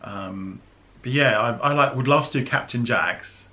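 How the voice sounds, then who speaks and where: A man's voice: medium pitch, normal speed, bright, forceful tone, a little hiss or hum. A man from the UK chatting casually about travel plans as a vlogger, laughing often and using lots of fillers. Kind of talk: casual chat.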